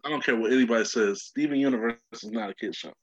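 A man's voice: mid-range voice, fast, slightly rough, no room sound. Laid-back man, dry muffled sound. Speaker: podcast co-host. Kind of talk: casual chat.

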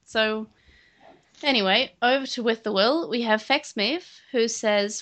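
A woman's voice: a little high, unhurried, fairly bright tone. A woman co-hosting a podcast in casual chat, chatty and rambling. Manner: chatty, rambling with restarts and fillers. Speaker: podcast co-host.

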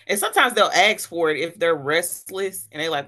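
A woman's voice: lowish voice, lively intonation, moderate pace, bright, forceful tone. A woman co-hosting a podcast who tells stories frankly and swears freely in casual chat. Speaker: podcast co-host.

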